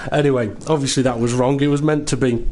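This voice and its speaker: A man hosting and commentating a sim racing broadcast, setting the scene in an unhurried, explanatory way. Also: mid-range voice, fairly even intonation, a little mellow, slight background noise. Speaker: lead commentator.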